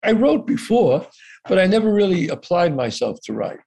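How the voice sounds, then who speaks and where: A man's voice: high voice, moderate pace, vocal fry. A man telling a story from his life in casual conversation, acting out the people in it and swearing freely. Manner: animated, profane, acts out quoted voices. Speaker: guest actor.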